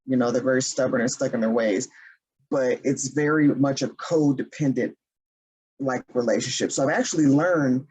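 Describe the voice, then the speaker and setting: A woman co-hosting a podcast, chatting candidly about her relationships with a relaxed, laughing manner. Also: a bass voice, normal speed, slightly rough, low-quality recording. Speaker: podcast co-host. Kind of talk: casual chat.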